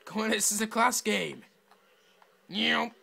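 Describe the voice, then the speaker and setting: A man's voice: high-pitched, slow, gravelly, pushed and bright, breathy edge. A man giving brash, swearing commentary over his own gameplay, talking to himself and taunting other players. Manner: brash, swearing trash talk. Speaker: gamer.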